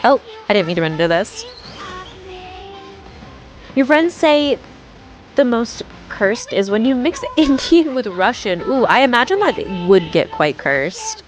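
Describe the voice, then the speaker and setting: A woman's voice: fairly high pitch, very animated, measured pace, long pauses, soft background music. A young woman streaming a game live, chatting casually and reading viewer messages aloud with frequent giggles. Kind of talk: casual live-stream chat while gaming.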